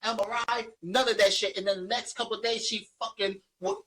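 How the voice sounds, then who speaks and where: A man's voice: high-pitched, fairly even intonation, a little fast, pushed and bright, slight background noise, rough recording. A man with a Philadelphia accent co-hosting a podcast, ranting heatedly with lots of profanity and repetition. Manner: heated, profane, repeats himself while ranting. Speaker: podcast co-host. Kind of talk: casual chat.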